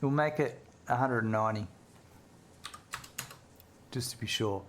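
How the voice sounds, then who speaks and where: A man chatting loosely with his viewers while he plays, at a middle pitch. He talks in a relaxed, joking way and laughs easily. A faint noise hums under his voice. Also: unhurried. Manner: chatty, laughs easily, reads chat aloud. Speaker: game streamer. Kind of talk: casual gameplay chat with viewers.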